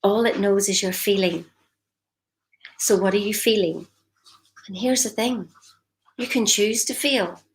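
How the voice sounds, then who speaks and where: A woman's voice: mid-range voice, measured pace, long pauses, a little hiss or hum, rough recording. A woman giving an upbeat, encouraging motivational talk on a live stream, often laughing and breaking into asides.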